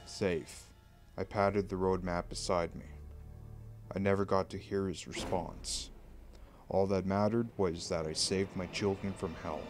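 A man reading a creepy horror story aloud in a slow, hushed, deliberate way. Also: sits low, flat delivery. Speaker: creepypasta narrator. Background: faint background music.

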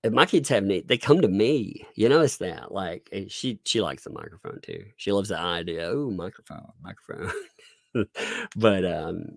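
A man's voice: low voice, expressive, moderate pace, vocal fry, no room sound, studio quality. A middle-aged man giving sarcastic live-stream commentary while reading court documents, with chuckling asides and frequent restarts.

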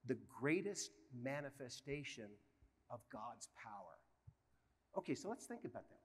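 A man's voice: mid-range voice, husky. A man speaking earnestly on a conference stage, reflective, often stumbling over repeated words. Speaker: panel speaker, judge. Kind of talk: reflective live panel talk. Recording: long hall reverb at live event.

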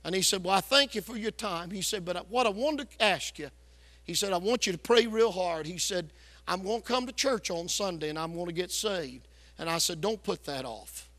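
A loud, hard-driving preacher delivers a storytelling revival sermon. His voice sits high and sounds bright and forceful. The long reverb of a church sanctuary trails every phrase. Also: animated, normal speed. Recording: echoey church hall.

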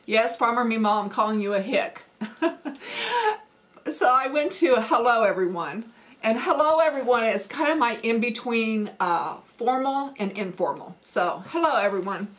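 A woman's voice: on the high side, animated, moderate pace. Middle-aged Midwestern woman, homesteading vlogger, folksy and chatty, easy ums. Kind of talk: casual accent challenge chat.

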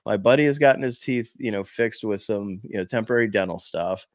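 A man in his fifties from the United States, a former Marine, casually telling animated stories to camera with lots of "you know". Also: lowish voice, brisk, no echo. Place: small room before a green screen.

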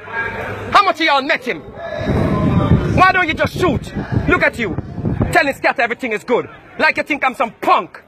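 A man from Jamaica, loudly accusing and taunting people in a heated street confrontation. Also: extremely high pitch, animated, normal speed, pauses often. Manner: loud, accusing, repetitive taunting. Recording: noisy crowd around, outdoors.

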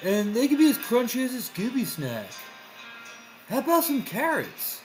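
A man's voice: extremely high pitch, huge pitch swings, moderate pace, faint music behind, pitched above the performer's own voice, heavily acted. A man voicing an upbeat young woman from a cartoon mystery gang, speaking in an encouraging way. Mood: cheerful.

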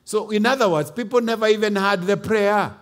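A Kenyan man delivers a sermon as a bishop, his voice pitched high for a man. He preaches with emphasis and drops in Swahili and Kikuyu asides. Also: brisk.

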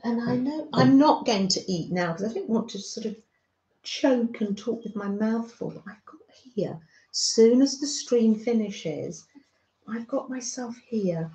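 A middle-aged British woman with a soft, motherly manner, hosting a craft livestream and chatting gently with viewers. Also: on the high side, lively intonation, a little slow. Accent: British English. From Britain. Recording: roomy, slightly dull home stream audio.

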